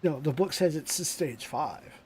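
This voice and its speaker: A man's voice: a little high, unhurried, a little mellow, husky. A man co-hosting a let's play, making dry, teasing remarks in casual gameplay banter. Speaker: co-host.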